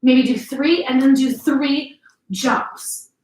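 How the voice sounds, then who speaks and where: A woman's voice: sits high, steady tone, takes it slowly, a little mellow. A woman fitness instructor coaching a workout class, upbeat and encouraging as she cues each move, at times out of breath. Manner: upbeat, encouraging, cueing moves. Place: home workout space, indoors. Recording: roomy echo, mic at a distance.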